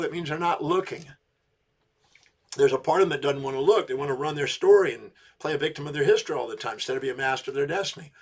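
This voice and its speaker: Emphatic man with a higher voice. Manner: emphatic, questioning storyteller who repeats words. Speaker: self-help speaker. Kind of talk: teaching talk with retold client story.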